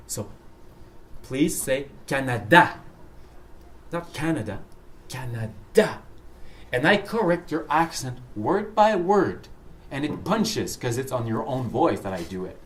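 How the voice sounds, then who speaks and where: A man, a university French professor whose first language is French, talks lively on stage, with many fillers and restarts. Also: medium pitch, a little slow. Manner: animated, storytelling, hesitant fillers. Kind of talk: interview talk on stage. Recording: echoey room, far from mic, faint noise.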